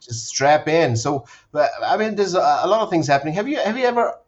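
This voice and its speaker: A man's voice: fairly high pitch, lively intonation, brisk. A man hosting a casual comedy podcast, rambling with stumbling restarts and giggles. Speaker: podcast host. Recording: muffled webcam audio.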